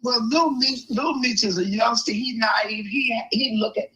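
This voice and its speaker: Man w a sharp bright voice, opinionated, steady. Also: extremely high pitch, measured pace, poor audio. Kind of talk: casual chat.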